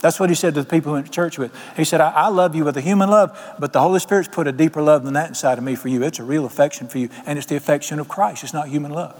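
A man's voice: on the high side, racing, hardly any pauses, darkish tone. A man preaching a sermon as pastor, telling homespun stories and asking his congregation questions. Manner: folksy storytelling preacher, quotes people in voices, asks the congregation questions. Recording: long hall reverb.

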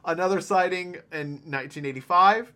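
A man's voice: high voice, normal speed, sharp tone. A man co-hosting a podcast, retelling lake monster sightings in a rambling casual chat with many fillers and frequent laughs. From Ohio. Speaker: podcast co-host.

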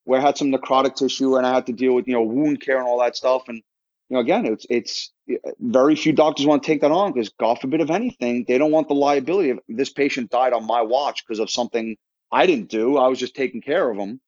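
A man's voice: medium pitch, quick pace, a little mellow, dry recording, muffled recording. Rambling man telling his story. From Florida, United States. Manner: rambling, full of restarts and quoted dialogue. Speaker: podcast guest. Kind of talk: casual conversational storytelling.

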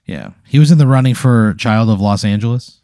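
A man improvising a deadpan, escalating comedic story, acting out quotes from the people in it. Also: on the low side, a little fast, no room sound, studio quality. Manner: deadpan, escalating absurd narration with acted-out quotes. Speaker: podcast host.

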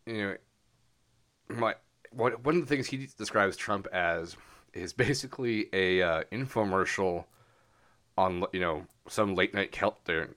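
A man's voice: deep voice, measured pace, fairly bright tone. A man co-hosting a podcast, rambling through casual political chat with lots of fillers and frequent laughs. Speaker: podcast co-host.

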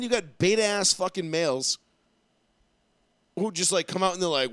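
A young man co-hosting a casual chat show, swearing freely and telling stories with animated energy. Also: high-pitched, normal speed, pauses often, smooth, dry recording, clean studio sound. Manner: profane, animated storytelling. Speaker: podcast co-host.

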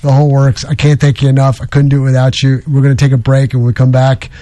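A man's voice: medium pitch, completely flat delivery, fast, mellow, dry recording. A man hosting a talk radio show, rambling and joking in casual banter with his guests. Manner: rambling, jokey, self-deprecating.

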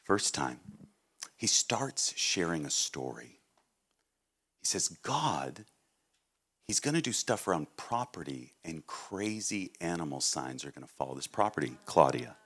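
A middle-aged man from Massachusetts, a guest preacher telling stories in a sermon, swinging between loud outbursts and quiet asides. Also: sits low, very animated, unhurried, slightly rough. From Massachusetts, USA. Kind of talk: sermon with storytelling.

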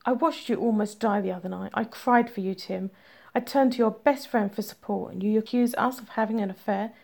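A woman reading the lines of a hurt, indignant young woman who answers with sarcasm, in a slightly gravelly voice. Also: a little high, fairly even intonation, a little fast, mellow. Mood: angry. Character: hurt, sharp-tongued young woman, girlfriend.

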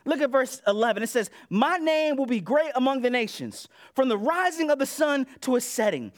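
A man with a very high voice preaches to his church on a PA mic. He keeps it conversational, acts out the voices he quotes, and swings his delivery between loud and soft. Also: very animated, normal speed. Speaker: pastor. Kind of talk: sermon. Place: church sanctuary.

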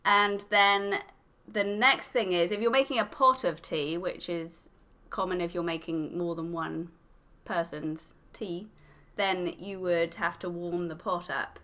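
A woman's voice: lowish voice, steady tone, a little slow, hardly any pauses, pushed and bright. A woman from England, a podcast guest, explaining step by step in a matter-of-fact casual chat.

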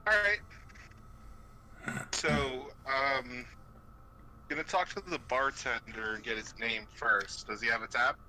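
A man's voice: medium pitch, slow pace, long pauses, sharp tone, a little hiss or hum, low-quality recording. A man playing a tabletop game, thinking aloud in a casual way. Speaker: player.

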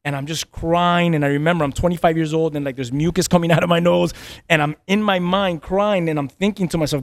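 Man, pastor, earnest storytelling, higher-pitched voice, dry close recording. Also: brisk, dry recording. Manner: earnest, repeats words, laughs between lines. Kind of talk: casual podcast storytelling.

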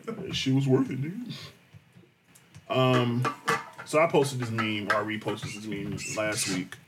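A man telling a profane, animated story in casual chat, acting out the people he quotes. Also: mid-range voice, a little slow, background noise.

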